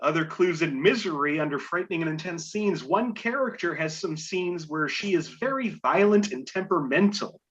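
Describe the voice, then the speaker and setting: A man's voice: on the high side, lively intonation, normal speed, hardly any pauses, a bit bright, dull audio, slight background noise. A man hosting a casual podcast game show, reading clues aloud with playful asides and chuckles.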